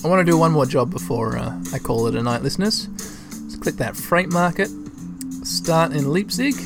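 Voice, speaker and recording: A man with a slightly higher voice and a gravelly, fry-laced edge gives casual gameplay commentary. He chats and thinks aloud, speaking straight to his listeners as he plays. Faint music sits behind him. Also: expressive, normal speed. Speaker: let's-play host.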